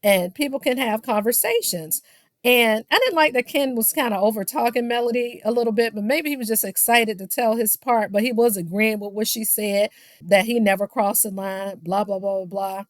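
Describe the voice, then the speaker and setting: A woman with a fairly high voice gives a casual, gossipy reality-show recap. She is sassy and throws shade in her asides. Her voice sounds dry and close, with no room echo. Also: normal speed. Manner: sassy, shady asides, keeps saying "child"; mimics the people she quotes.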